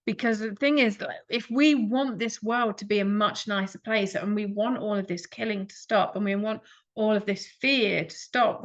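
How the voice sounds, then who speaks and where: Woman, reflective talk, earnest, questioning, mid-pitched voice, muffled lo-fi recording. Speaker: speaker. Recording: dull lo-fi recording.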